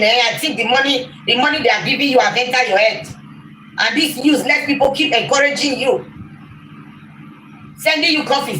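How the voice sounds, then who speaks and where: A woman's voice: sits high, a bit bright. A woman on a livestream, scolding and insulting a rival over and over. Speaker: rival online commentator. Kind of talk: clip of a livestream rant. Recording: echoey room with faint noise.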